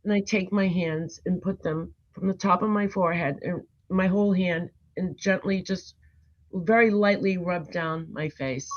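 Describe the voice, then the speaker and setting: A woman's voice: on the low side, normal speed. A woman hosting a casual livestream, earnestly explaining a morning routine step by step. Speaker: livestream host. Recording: dull lo-fi sound.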